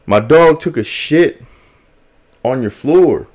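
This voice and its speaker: A man voicing a loud, frantic dog owner in a story, pushy and yelling. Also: on the high side, animated, slow pace. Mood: frantic, demanding. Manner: yelling, pushy street talk.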